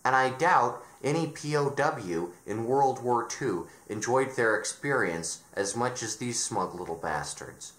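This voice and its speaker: A man's voice: mid-range voice, expressive, measured pace, few pauses, fairly bright tone. Exasperated man ranting, echoey room. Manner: exasperated, sarcastic, frequent restarts. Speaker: video reviewer. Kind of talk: ranting commentary. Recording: roomy echo.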